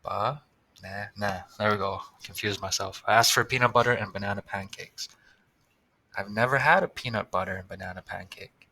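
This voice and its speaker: A man's voice: lowish voice, brisk, sharp tone. A man teaching a recorded tutorial for young students, patiently sounding out words and spelling them letter by letter.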